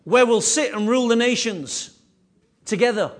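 A man preaching a sermon with emphatic, repetitive phrasing, his voice rising and falling in loudness. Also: very high voice, moderate pace. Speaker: pastor.

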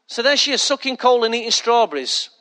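High, bright-voiced pastor preaching. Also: male voice, very animated, fairly quick. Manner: emphatic preaching with joking asides to the congregation. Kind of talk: sermon.

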